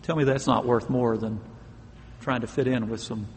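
A man's voice: mid-range voice, steady tone, moderate pace, big-room sound, a little hiss or hum. A man preaching a sermon, earnest and emphatic, stressing key words and now and then laughing.

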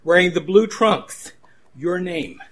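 A man's voice: high-pitched, animated, fairly bright tone, full character voice. A man imitating a flamboyant male fight announcer who draws out every syllable. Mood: announcing. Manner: drawn-out syllables.

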